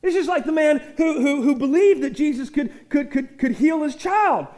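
A man with a strikingly high voice delivers a lively sermon. He often stumbles over repeated words, then drives points home with sudden loud emphasis. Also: moderate pace. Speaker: pastor.

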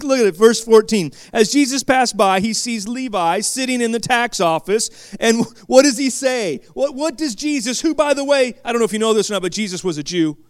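High-voiced impassioned male preacher. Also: clear, resonant tone, dry recording, clean studio sound. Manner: impassioned, swings from quiet asides to shouted climaxes; frequent stammered restarts. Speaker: pastor. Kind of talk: sermon.

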